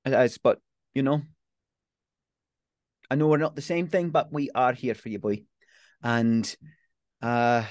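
A man voicing a tough but caring pub landlady from Glasgow in her late thirties, speaking in a gruff manner that softens into tenderness during a tabletop role-playing game. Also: medium pitch, no echo, clean studio sound, natural voice.

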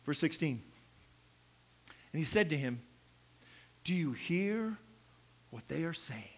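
A male pastor preaching a sermon, acting out quotes and swinging from hushed asides to loud, urgent lines. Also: fairly high pitch, expressive, takes it slowly.

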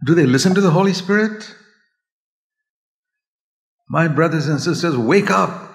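Earnest older preacher in echoey hall. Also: male voice, fairly high pitch, animated, unhurried, creaky. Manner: earnest, pleading, shifts from hushed to raised voice. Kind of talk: sermon. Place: church hall.

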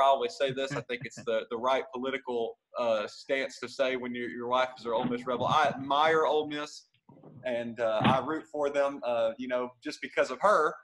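A cheerful man talking loosely on a podcast, circling back and correcting himself as he goes. His voice sits at an ordinary middle pitch, and he keeps the tone friendly and easygoing. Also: fairly bright tone, rough recording. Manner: rambling, self-correcting, jovial. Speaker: podcast guest, gospel singer. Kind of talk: casual chat.

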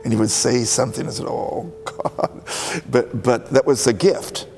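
A man's voice: medium pitch, fairly even intonation, fairly quick, creaky, a little mellow, faint music behind. A man in a documentary interview, telling candid, self-mocking stories about the priest who heard his confessions. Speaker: parishioner recalling a priest.

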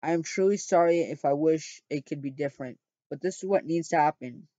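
A man's voice: on the high side, a little fast, dark tone, dry recording, close to an everyday voice. Cold businesslike hitman, read out by a man. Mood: matter-of-fact.

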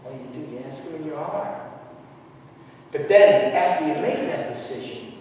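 A man preaching a sermon as pastor, emphatic and dramatic, with sudden loud outbursts. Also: a little high, animated, moderate pace, slight background noise. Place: church sanctuary. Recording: echoey church hall from far off.

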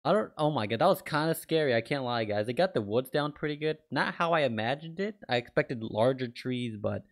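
A man giving casual, excitable reaction commentary as a video host, swearing freely and laughing often. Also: medium pitch, a little fast, no echo.

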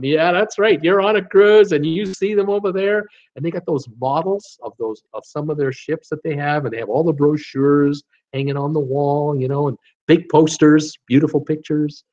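A man's voice: on the high side, normal speed, a little mellow, highs cut off. A man hosting a travel vlog in a casual, enthusiastic livestream chat, reading out viewer comments. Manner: enthusiastic, repeats praise words.

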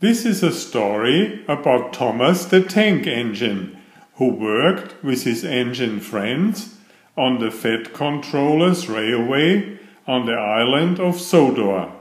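A man narrating a children's picture book read-aloud in an unhurried storytelling manner. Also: mid-range voice, animated. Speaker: storybook reader. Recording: echoey room.

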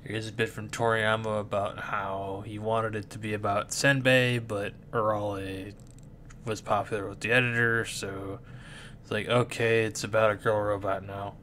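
A man reading a comic aloud in a relaxed, unhurried, slightly deadpan way at a desk microphone. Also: lowish voice, a little hiss or hum. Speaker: comic reader. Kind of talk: casual read-aloud of a comic.

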